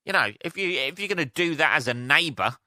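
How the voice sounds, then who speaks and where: Male podcast host, bright crisp voice, dry close mic, sweary rambling monologue. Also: fairly high pitch, animated, a little fast, no echo. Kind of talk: casual solo podcast rant.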